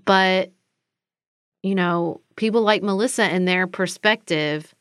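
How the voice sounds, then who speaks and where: A woman co-hosting a podcast, speaking slowly and earnestly in reflective chat. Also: on the low side, fairly bright tone, clear, resonant tone, no room sound, clean studio sound. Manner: slow, earnest, thoughtful. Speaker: podcast co-host.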